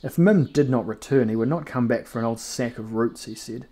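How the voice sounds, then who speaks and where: A man reading a fantasy novel aloud in a measured, even narration. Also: medium pitch. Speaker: reader. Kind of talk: audiobook narration.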